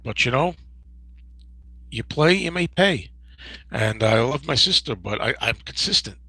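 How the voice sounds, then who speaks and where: A man in his fifties hosting a casual livestream Q&A, rambling and digressive with many restarts and a gravelly, husky voice. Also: medium pitch, lively intonation, measured pace, sharp tone, dry recording, low-quality recording. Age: 50s. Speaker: host.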